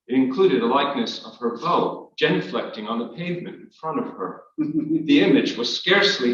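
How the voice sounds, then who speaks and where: A man reading his memoir aloud to an audience, in a measured, wry storytelling manner. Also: medium pitch, fairly bright tone. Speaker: author reading his work. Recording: echoey hall, distant, dull.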